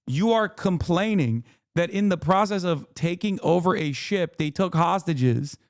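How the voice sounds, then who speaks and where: A man's voice: sits high, lively intonation, measured pace, no echo, clean studio sound. A man hosting a livestream, losing his voice, giving heated, profane and exasperated reaction commentary into a desk mic. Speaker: livestream host.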